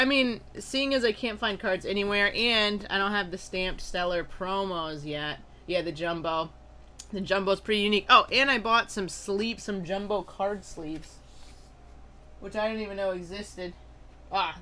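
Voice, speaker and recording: Bright-voiced upbeat card-opening streamer. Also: medium pitch, slight background noise. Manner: upbeat, greets viewers by name, frequent loud excited outbursts. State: allergy attack, sneezy. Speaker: live-stream host opening trading cards. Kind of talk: casual live-stream chat.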